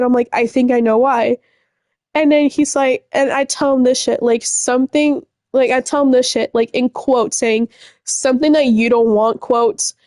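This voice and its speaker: A woman's voice: sits high, a little mellow, no room sound, clean studio sound. Upset young woman rambling, heavy swearing. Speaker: vlogger. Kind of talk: casual storytime rant.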